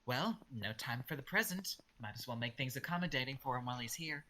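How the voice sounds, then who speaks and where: A man's voice: medium pitch, lively intonation, fairly quick, sharp tone, slight background noise. A man voicing a proud woman adventurer in a tabletop game, speaking in a clipped, indignant way. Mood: assertive. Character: proud young woman adventurer, brisk and assertive.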